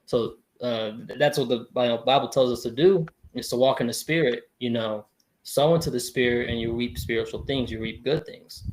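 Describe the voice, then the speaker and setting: A young man as a podcast guest, talking in an earnest, thoughtful way with frequent chuckles. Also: mid-range voice. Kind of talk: reflective faith talk.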